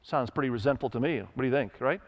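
A man's voice: medium pitch, fast talker, lo-fi sound. A middle-aged man preaching a sermon to his church, telling stories and acting out the people in them, with emphatic rises in his voice. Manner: storytelling with acted quotes, emphatic rises. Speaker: pastor.

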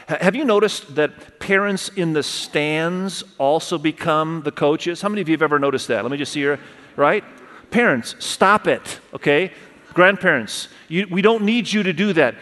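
A middle-aged male pastor preaching a sermon, animated, asking the congregation questions and speaking straight to them. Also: fairly high pitch. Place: church auditorium. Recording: long hall reverb.

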